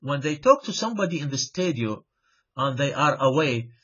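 A male lecturer explains things to a class in English, repeating points and checking understanding as he goes. His pitch moves animatedly up and down, and his voice has a slightly husky edge. The recording sounds dull and lo-fi. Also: big pitch swings, normal speed, a bit bright. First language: Arabic. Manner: repeats himself, checks with "right?", switches into Arabic asides.

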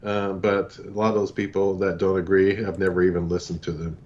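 Deep-voiced male podcast panelist, halting and casual, muffled lo-fi audio with faint hiss. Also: little pitch movement, darkish tone. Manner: hesitant, many fillers and restarts. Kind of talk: casual chat. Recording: dull lo-fi line with faint noise.

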